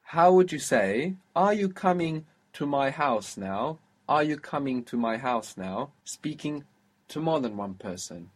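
A patient male language teacher, guiding a student one phrase at a time. His voice is husky and a little breathy, and he explains sounds slowly and carefully. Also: mid-range voice, expressive. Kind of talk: spoken language lesson.

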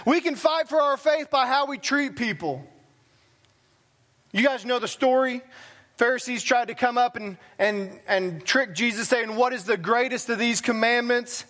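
A man's voice: very high voice, moderate pace, a bit bright. A man preaching a sermon as pastor, talking plainly and conversationally with self-deprecating asides. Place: church sanctuary.

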